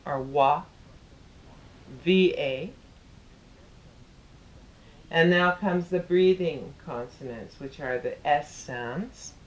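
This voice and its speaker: A teacher giving a patient, step-by-step pronunciation lesson, spelling out syllables and chanting them in rhythmic sequences. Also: mid-range voice.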